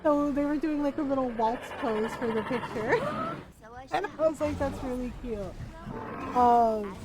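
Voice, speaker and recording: Animated, gushing woman game streamer. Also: high-pitched, noisy background. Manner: animated, gushing, laughs often, swears casually. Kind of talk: casual chat while streaming a game.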